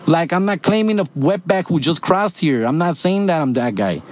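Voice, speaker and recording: A man's voice: a little high, animated, moderate pace. A man from the United States, ranting casually and profanely, tagging "fool" and "dog" onto nearly every line. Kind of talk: casual rant.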